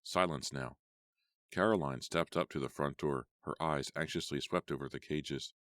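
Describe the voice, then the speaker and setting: A man narrating a first-person horror audiobook in a measured storytelling manner. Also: extremely low pitch, fairly even intonation, a bit bright, dry recording, clean studio sound.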